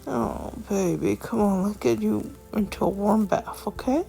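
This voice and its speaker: A woman's voice: medium pitch, measured pace, vocal fry, dark tone, soft background music. A woman voicing an anxious, tender winged father who pleads and coos. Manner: pleading, cooing.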